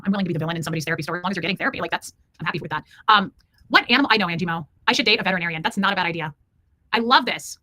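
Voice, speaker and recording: A woman's voice: medium pitch, bright, forceful tone, no room sound. A woman hosting a casual livestream from home, reading viewers' comments aloud and chatting affectionately with them. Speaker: livestream host reading chat.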